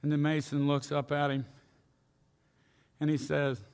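Male pastor, folksy storyteller, gravelly, long church reverb. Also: fairly high pitch, completely flat delivery, unhurried, darkish tone. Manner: folksy storytelling preacher, asks the congregation questions. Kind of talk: sermon.

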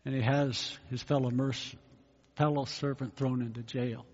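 A man's voice: medium pitch, fairly even intonation, unhurried, a little mellow. Man, pastor, conversational sermon, rhetorical questions, long hall reverb, muffled lo-fi sound. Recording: echoey hall, dull lo-fi sound.

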